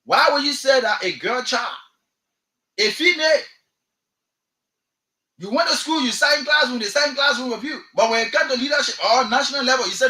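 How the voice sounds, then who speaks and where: A man's voice: very high voice, expressive, brisk, pauses often, bright, forceful tone, echoey room, rough recording. A man with a Liberian English accent hosting a radio talk show, delivering impassioned political commentary and firing off repeated rhetorical questions. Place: radio studio.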